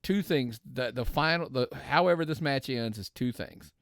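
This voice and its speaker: With lively intonation and a slightly bright medium-pitched voice, this man co-hosts a podcast in easygoing conversation at a moderate pace. His sentences often start over while he figures out what he thinks. There's no echo, and the studio sound is clean.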